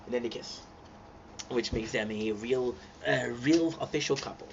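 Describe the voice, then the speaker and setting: An excitable man gushing through a casual episode recap, tripping over restarts and fillers. His voice is muffled and lo-fi, with steady noise hissing behind it. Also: medium pitch, normal speed. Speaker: host reacting to a TV series. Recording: dull lo-fi sound with clear background noise.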